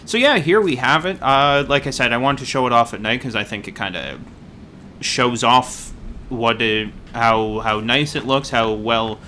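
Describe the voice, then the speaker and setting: A man's voice: medium pitch, moderate pace, pushed and bright, a little hiss or hum. A man giving casual, rambling gameplay commentary, self-deprecating and full of dad jokes. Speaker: gaming YouTuber.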